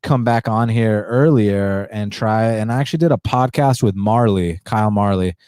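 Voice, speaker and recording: A podcast host, a man, talking in a subdued indoor voice, short of breath and pausing for deep breaths, blunt and profane. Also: a little mellow, clean tone, dry recording, studio quality. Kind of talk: casual podcast monologue.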